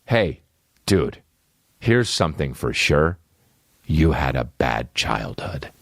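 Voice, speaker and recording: A man hosting a comedy podcast, riffing in a profane, animated rant full of repeated phrases. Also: very deep voice, takes it slowly, dry recording, clean studio sound. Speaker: podcast host.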